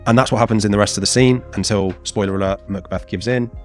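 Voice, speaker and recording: A man in his thirties with a lowish voice leads a casual exam revision lesson. He sounds chatty and animated and keeps putting on playful voices to act out the quotes. Faint music plays softly underneath. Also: quick pace. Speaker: teacher.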